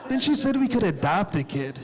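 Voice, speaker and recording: Crude, deadpan stand-up comedian. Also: male voice, high-pitched, brisk. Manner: deadpan, crude, self-deprecating storytelling with acted-out quotes. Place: comedy club stage before a live audience. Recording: live club recording with crowd laughter. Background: audience laughing.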